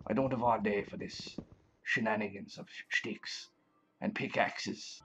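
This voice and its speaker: A man's voice: on the low side, fairly even intonation, a little slow, fairly bright tone, a little hiss or hum. A man hosting a let's play in a pirate persona, growling "arr" between chatty remarks. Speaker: gaming channel host. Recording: slightly dull lo-fi with faint music.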